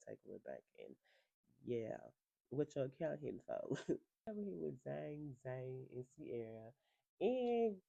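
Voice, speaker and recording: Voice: medium pitch, vocal fry, warm tone, no room sound, muffled recording. A reality TV recapper in a casual, gossipy talk, profane and sassy and laughing often.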